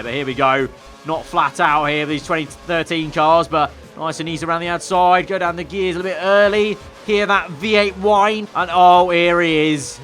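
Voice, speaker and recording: A man's voice: on the high side, sharp tone. A man commenting on his racing game as he plays, chatty with wry, sarcastic asides. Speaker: gaming video creator.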